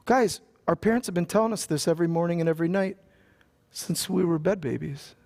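A pastor with a fairly high voice for a man preaches to his congregation. He reads scripture aloud and then retells it in loose, joking everyday language. His sermon style is conversational, not formal. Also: a little fast, vocal fry, darkish tone. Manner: casual and joking, with slang asides.

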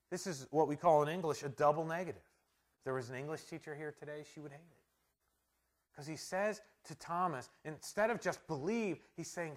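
A man preaching a sermon as pastor, emphatic and swinging from hushed words to loud ones. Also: a little high, normal speed.

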